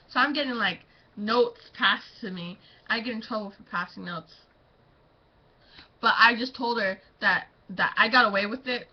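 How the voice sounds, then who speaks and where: A woman's voice: fairly high pitch, normal speed, dull audio. A teenage girl chatting about teachers to her camera, rambling with lots of fillers and breaking into giggles. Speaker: student vlogger. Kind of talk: casual storytelling.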